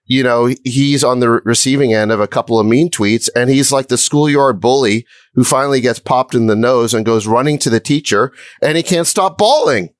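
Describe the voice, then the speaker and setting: A man co-hosting a podcast, needling and sarcastic while arguing in measured tones. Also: medium pitch, no room sound, clean studio sound. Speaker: podcast co-host. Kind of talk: heated podcast argument.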